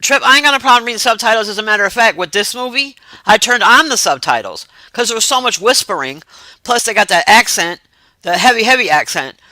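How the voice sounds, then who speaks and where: A woman's voice: mid-range voice, animated, a little fast, sharp tone, dry recording. A woman hosting a livestream, chatting loosely and reacting to messages from her chat. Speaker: livestream host.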